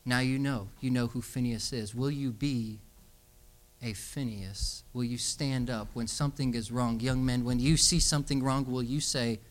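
At normal speed and medium pitch, a young adult man preaches to young people. His sermon moves from animated storytelling into emphatic exhortation.

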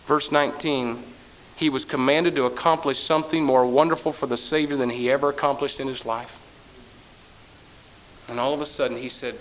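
A man's voice: steady tone, normal speed, pauses often, a little hiss or hum, rough recording. Impassioned male preacher. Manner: impassioned, repetitive, swelling to loud peaks then dropping low. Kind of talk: sermon.

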